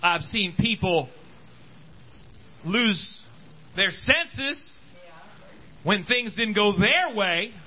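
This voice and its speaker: Animated high-voiced male preacher. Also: drawn-out words, pauses often, lo-fi sound. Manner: animated preaching, calls out to congregation. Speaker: pastor. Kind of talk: sermon. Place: church service.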